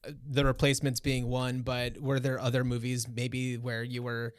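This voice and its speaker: A man's voice: medium pitch, monotone, normal speed, smooth, no room sound, studio quality. A man hosting a podcast, asking hesitant questions with many fillers in casual chat. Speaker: podcast host.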